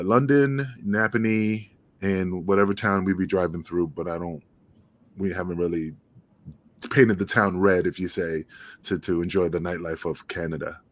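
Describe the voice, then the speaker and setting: A man with a fairly low voice chats loosely on a wrestling podcast, rambling and dropping casual swears. He is from the United States and talks easygoing and unscripted. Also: fairly bright tone, slight background noise. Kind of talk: casual chat.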